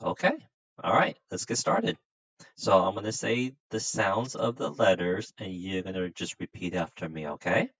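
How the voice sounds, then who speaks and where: Deep-voiced man teaching a kids' lesson. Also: animated, moderate pace, gravelly, breathy edge, no echo, muffled recording. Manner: patient, gently amused, drills sounds for repeating. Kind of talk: children's language lesson.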